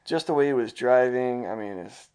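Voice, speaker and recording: A man's voice: mid-range voice, normal speed, darkish tone. A man vlogging about travel in casual chat, telling stories with swearing and mimicking people. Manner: profane, laid-back storytelling, mimics people.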